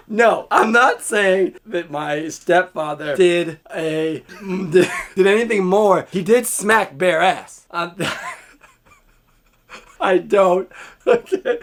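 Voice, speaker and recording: A man's voice: high voice, slow pace. Candid rambling man telling a story. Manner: rambling, candid, swears freely. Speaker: vlogger. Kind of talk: casual personal storytelling.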